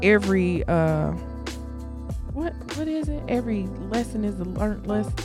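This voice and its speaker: A woman's voice: medium pitch, sing-song, moderate pace, music in the background. A woman co-hosting a podcast, chatting casually and playfully with her co-host, often laughing and teasing. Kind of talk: casual chat.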